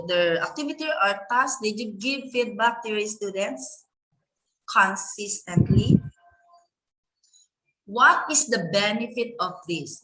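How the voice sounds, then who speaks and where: Bright-toned Filipino woman lecturing teachers. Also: a little high, low-quality recording. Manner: rhetorical questions, frequent "okay". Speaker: teacher trainer. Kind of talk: conference lecture.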